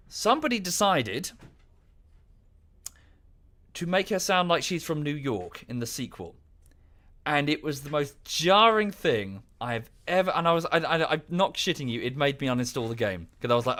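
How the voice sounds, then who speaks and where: A man's voice: on the high side, sing-song, normal speed, sharp tone. Rambling man in his thirties, ranting. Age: 30s. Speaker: game streamer. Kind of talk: casual live-stream chat. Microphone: close to the microphone.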